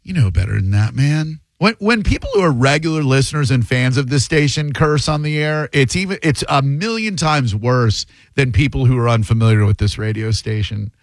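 A man's voice: mid-range voice, no room sound, rough recording. A man hosting a call-in radio talk show, taking callers and arguing his points emphatically. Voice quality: animated, emphatic, quick banter.

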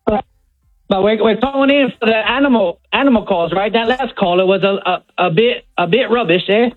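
A man's voice: sits high, very fast, dry recording, faint music behind. A man putting on a cheery fake Aussie bloke. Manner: put-on Australian accent that slips. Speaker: caller. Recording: tinny dry phone line.

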